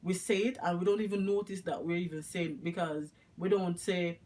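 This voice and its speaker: A woman's voice: on the low side, fairly even intonation, a little fast, a little mellow. A woman with a Jamaican accent chatting to the camera in a rambling vlog, slipping in patois as she talks. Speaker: vlogger. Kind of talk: casual chat to camera.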